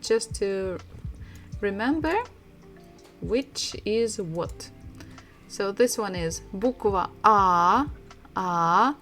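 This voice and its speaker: A woman teaching a language lesson, repeating sounds slowly and laughing often. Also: on the high side, darkish tone. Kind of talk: slow, patient language lesson.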